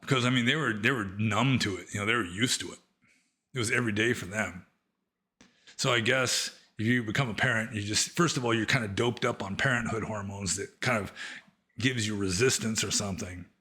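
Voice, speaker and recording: Rambling man with a bright voice. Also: on the low side, brisk. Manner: rambling, conversational, many fillers. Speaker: former monk answering questions. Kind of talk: casual Q&A talk.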